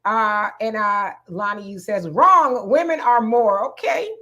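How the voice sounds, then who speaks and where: A woman's voice: mid-range voice, slow pace, pushed and bright. A woman hosting a casual livestream, reading viewer comments aloud, greeting people by name and laughing often. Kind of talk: casual live chat.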